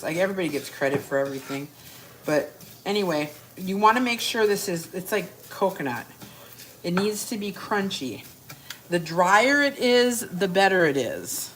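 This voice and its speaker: A woman's voice: sits low, a little hiss or hum. A woman hosting a live cooking stream from her home kitchen, brash and joking, talking straight to her viewers. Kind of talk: chatty live cooking demo.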